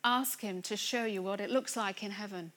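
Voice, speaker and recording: A woman preaching a sermon to a church congregation, earnest and building to excited emphasis. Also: mid-range voice, moderate pace. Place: church gathering room.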